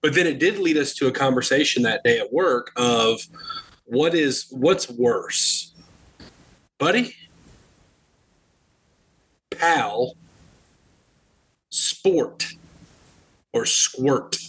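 A man's voice: mid-range voice, expressive, drawn-out words, pauses often, a bit bright, husky. A man co-hosting a podcast in casual, teasing conversation. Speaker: podcast co-host. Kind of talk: casual chat.

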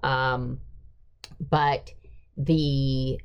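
Low-voiced woman, casual podcast host. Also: flat delivery, extremely slow, clean tone, dull audio. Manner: brief agreeing backchannels, blunt retelling.

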